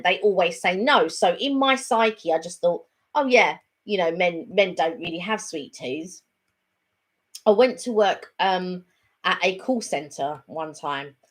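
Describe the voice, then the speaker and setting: Chatty woman, slightly low voice. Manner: chatty, rambling with many fillers and restarts. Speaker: co-host of a live chat. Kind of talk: casual chat.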